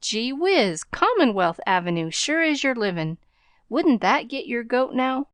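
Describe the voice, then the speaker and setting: A woman's voice: fairly high pitch, very animated, unhurried, a bit bright, no room sound, voice pushed up. A woman voicing a young street-smart newsboy who talks in clipped slang. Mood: brash.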